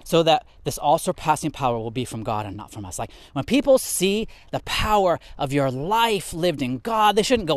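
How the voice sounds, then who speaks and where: A man teaching from the Bible in an animated way, a little out of breath as he walks and talks. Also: a little high, moderate pace, few pauses, no echo. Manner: animated, reads and explains scripture; talks while walking vigorously.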